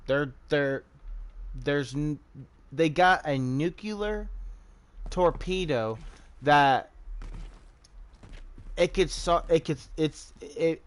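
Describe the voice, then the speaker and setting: An American guy from the United States livestreams while gaming, giving casual commentary in a slightly high voice. He's profane and rambling, swears a lot, and restarts often.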